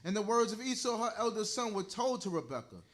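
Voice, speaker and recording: A man reads scripture aloud at a steady, formal pace. His voice sits high for a man. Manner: measured, formal reading. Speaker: scripture reader.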